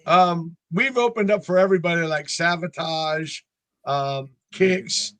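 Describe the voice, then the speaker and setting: This North Carolina musician in his sixties speaks at a measured pace with a fairly high pitch, and there's no echo. Chatting informally in an interview, he's an animated storyteller who performs the voices of the characters he describes.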